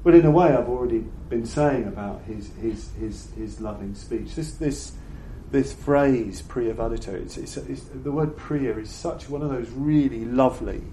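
Older man giving a halting dharma talk in an echoey room. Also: mid-range voice, mellow. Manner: halting and thoughtful, often repeating words as he searches for phrasing. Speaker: Buddhist teacher giving a talk. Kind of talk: reflective dharma talk to an audience. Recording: roomy echo with faint background noise.

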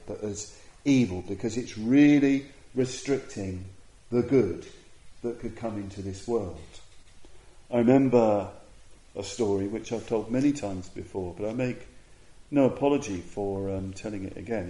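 A man giving a Dharma talk as a Buddhist teacher, telling a story reflectively with pauses and restarts. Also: on the low side, mellow, roomy sound, low-quality recording.

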